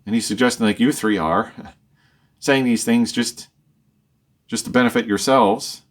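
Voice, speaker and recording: A man's voice: medium pitch, measured pace. A man leading a verse-by-verse Bible study, reading each verse and then explaining and rephrasing it. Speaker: Bible teacher.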